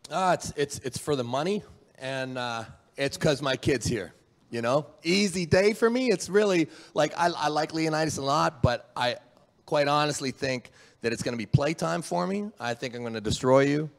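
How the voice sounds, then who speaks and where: A man's voice: fairly high pitch, lively intonation, normal speed, creaky, in a large hall. A man from Canada, an arm wrestler, boasting and teasing his opponent at a press conference. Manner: cocky, playful, boastful taunting. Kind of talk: press conference trash talk.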